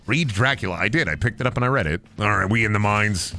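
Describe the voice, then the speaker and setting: A man's voice: lowish voice, fast talker, few pauses. A man streaming a game, ranting and rambling with plenty of swearing as he plays. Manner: profane, rambling, animated ranting. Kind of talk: casual gameplay commentary.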